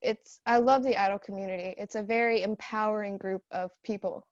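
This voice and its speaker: A woman's voice: medium pitch, steady tone, fairly quick, no room sound. A young woman in a casual group Q&A, earnestly telling a personal story with many fillers like "um" and "like". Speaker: idol dance group member. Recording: dull, dry lo-fi audio.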